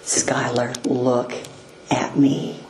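A woman voicing a calm, gentle but firm young father soothing his toddler in a hushed tone. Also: mid-range voice, extremely slow, slight background noise, voice pushed down. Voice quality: quiet, gentle, authoritative. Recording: echoey room.

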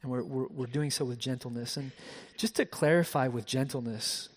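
A man preaching a sermon as pastor, shifting between soft hushed passages and raised emphatic ones, often repeating words as he restarts. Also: mid-range voice, normal speed, slightly rough, long reverb tail. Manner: frequent word repeats and restarts.

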